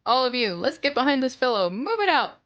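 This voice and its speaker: A woman's voice: high voice, very animated, fairly quick, a bit bright, lo-fi sound. A woman voicing a commanding male bee general in a read-aloud storybook, barking orders.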